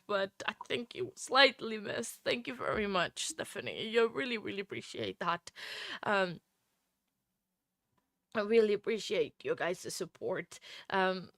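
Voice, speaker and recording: A woman's voice: medium pitch, gravelly, sharp tone, no room sound, studio quality. A woman hosting a casual livestream, tearful and gushing as she thanks viewers with frequent laughter. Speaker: livestream host.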